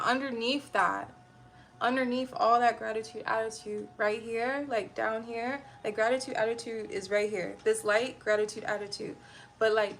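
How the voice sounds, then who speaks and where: A woman's voice: fairly high pitch, a bit bright. A young woman livestreaming and chatting casually with her viewers, blunt and irritable and rambling from one thought to the next.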